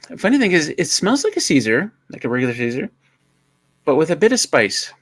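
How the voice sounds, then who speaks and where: A playful man chats and tells stories on a casual livestream. His pitch swings widely as he jokes. The sound is dry and close, with no room around it. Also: a little fast, slightly rough, no room sound. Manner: joking, storytelling, animated. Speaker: livestream co-host.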